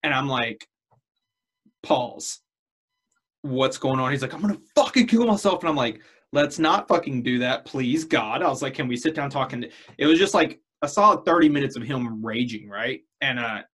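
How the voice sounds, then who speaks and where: A man tells a long, rambling story in casual podcast chat, swearing freely. His voice sits in an ordinary middle pitch. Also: moderate pace, a bit bright. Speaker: podcast co-host telling a story.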